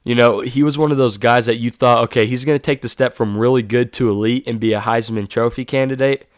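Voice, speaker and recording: A man's voice: medium pitch, steady tone, brisk, clean tone, dry recording, clean studio sound. A man hosting his own sports show, giving casual, self-correcting predictions and hyping players. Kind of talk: solo sports prediction talk.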